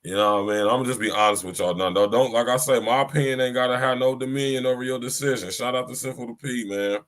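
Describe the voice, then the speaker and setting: A man's voice: medium pitch, fairly even intonation, quick pace, a bit bright. Blunt slangy man hosting a podcast. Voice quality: blunt, slangy and repetitive, often adds "you hear me". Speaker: podcast host. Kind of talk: casual chat.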